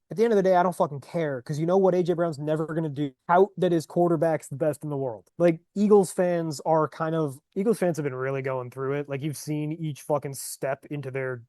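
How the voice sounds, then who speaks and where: A man's voice: a little high, mellow, dry recording, clean studio sound. A man co-hosting a sports betting podcast, talking casually in a blunt, profane, ranting way. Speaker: podcast co-host.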